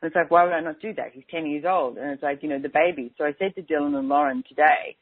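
A woman's voice: low-pitched, quick pace, no room sound. Woman chatting over a tinny phone line. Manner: chatty, keeps saying "and it's like". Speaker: radio show host. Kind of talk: casual on-air talk.

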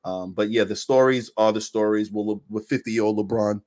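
A man in casual sports podcast chat, animated and laughing, acting out quotes as he talks basketball. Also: lowish voice, normal speed.

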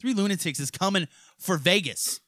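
A man from hosting a podcast, telling crude stories in a rowdy, profane, animated way. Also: high voice, normal speed, no echo, studio quality. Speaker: podcast host. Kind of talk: crude casual storytelling.

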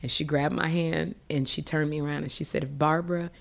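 A middle-aged woman with a notably low voice, recounting a personal story as a guest in an interview. She speaks animatedly and with feeling, often restarting her sentences as she goes. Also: fairly quick, vocal fry. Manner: animated, emotional, with frequent restarts.

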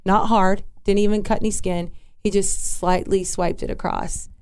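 A woman telling a personal story in an interview, candid and halting, with restarts and asides. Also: medium pitch, steady tone, darkish tone, clean tone. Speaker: interview guest.

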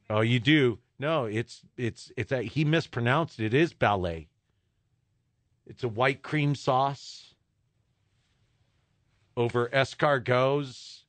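A male radio host running a live call-in joke segment, jovial and quick to laugh. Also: medium pitch, fairly bright tone, dry recording. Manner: jovial, laughs easily, repeats the phone number. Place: radio studio. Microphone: studio microphone.

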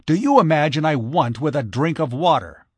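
A man voicing an irritable older millionaire who blusters loudly and contemptuously. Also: mid-range voice, lively intonation, measured pace, no echo.

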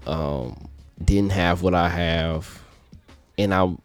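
A man's voice: deep voice, slow pace, clean tone, soft background music. A man in his thirties, talking casually and animatedly in loose slang. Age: 30s. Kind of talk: casual conversation.

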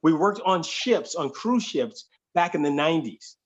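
A man's voice: a little high, lively intonation, unhurried, husky, highs cut off. A man who is a comedian, telling stories and chatting in a Q&A over a video call. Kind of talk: storytelling and Q&A chat.

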